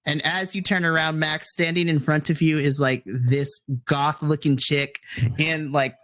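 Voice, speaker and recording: A game master running a tabletop game, explaining rules and describing scenes, laughing often. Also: male voice, a little high, steady tone, measured pace, fairly bright tone.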